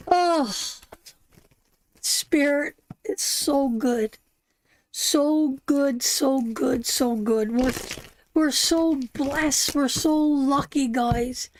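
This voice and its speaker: Slow-talking tearful woman tarot host. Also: high-pitched. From Canada. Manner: affectionate, calls viewers darling and sister. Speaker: tarot reader hosting a live stream. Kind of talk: emotional live-stream chat with viewers.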